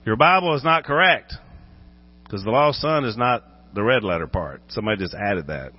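Male pastor preaching with lively acted-out voices; lo-fi recording with a hum behind. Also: on the low side, moderate pace. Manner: animated, acts out voices while preaching. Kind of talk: sermon.

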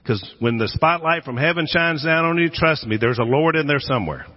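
Male pastor, slightly raspy mid-range voice, dramatic storyteller, long hall reverb on a dull recording. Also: fairly high pitch, animated, fairly quick. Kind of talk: sermon. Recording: echoey hall, dull lo-fi sound.

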